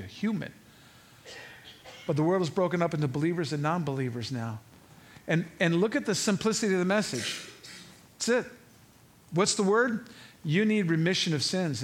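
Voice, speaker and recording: Male pastor, lively preacher who acts out quotes and fires rhetorical questions, voice a bit high. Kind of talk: sermon.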